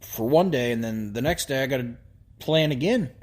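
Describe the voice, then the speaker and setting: A man co-hosting a podcast in casual chat, easygoing and halting, with lots of fillers and restarts. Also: medium pitch, animated. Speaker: podcast co-host.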